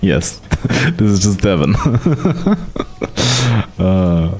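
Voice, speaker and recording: A man streaming live, casually showing off software he built, chatty and rambling and often laughing. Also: deep voice, extremely slow, faint music behind.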